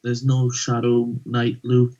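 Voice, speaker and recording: A man with a mid-range voice talks through the card game plays in a measured, analytical way. His sound comes through a dull, lo-fi mic. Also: medium pitch, completely flat delivery, dark tone. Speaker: esports co-commentator. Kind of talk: casual game commentary.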